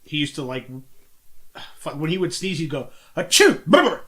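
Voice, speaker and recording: A man's voice: on the high side, moderate pace, a bit bright. A man co-hosting a podcast, casually joking, swearing and telling family anecdotes. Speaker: podcast co-host. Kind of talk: casual chat.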